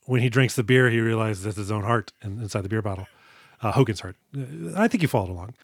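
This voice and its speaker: A man's voice: lowish voice, fast talker, no echo, studio quality. A man co-hosting a podcast, chatting casually and joking about a movie, often laughing mid-sentence. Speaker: podcast co-host. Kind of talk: casual comedic movie chat.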